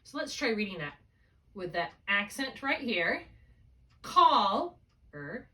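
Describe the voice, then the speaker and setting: A woman's voice: mid-range voice, expressive, normal speed, pushed and bright, far from the mic. A woman tutoring a student one-on-one in a spelling lesson over a video call, explaining each step patiently and checking in with questions. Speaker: reading tutor. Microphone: laptop mic, held while writing.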